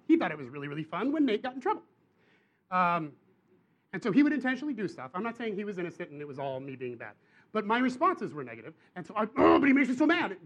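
A young adult man with a high-sitting voice preaches a sermon, telling a personal story punctuated by animated bursts of emphasis.

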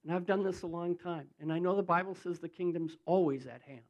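A man's voice: high voice, a little fast, highs cut off. A man preaching a sermon, telling a story with acted-out quotes and building into fervent prayer.

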